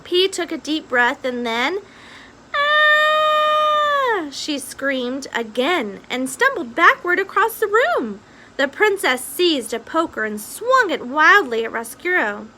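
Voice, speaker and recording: Bright-voiced woman reading a children's book. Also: sits high, sing-song, unhurried, poor audio. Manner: recaps casually, then reads with expression. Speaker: reader. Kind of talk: reading a children's novel aloud.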